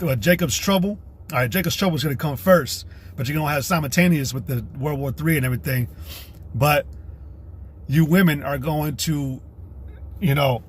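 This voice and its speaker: A man's voice: on the high side, a little hiss or hum. A man hosting a livestream, giving a combative, profane religious rant in a rambling way. He reads scripture aloud between scornful outbursts and curses freely. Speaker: livestream host.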